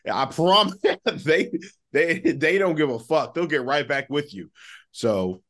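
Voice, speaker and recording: A man's voice: fairly high pitch, unhurried. A man co-hosting a podcast, telling stories in casual chat, laughing often and swearing freely. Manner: laughing, animated storytelling, heavy swearing. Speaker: podcast co-host.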